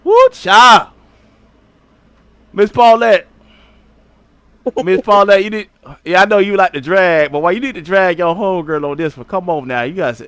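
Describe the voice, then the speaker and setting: A man hosting a livestream, roasting someone loudly and profanely, jumping into shrieking high tones to mock and often asking "you know what I'm saying". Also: fast, smooth, dry recording. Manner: loud mocking roasting with shrieking high jumps. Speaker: livestream host. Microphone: streaming setup at a computer.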